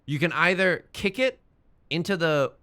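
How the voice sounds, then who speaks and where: Lively, bright-voiced young male streamer. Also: a little high, moderate pace. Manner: rambling, self-mocking, swears when frustrated. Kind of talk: casual gaming stream chat.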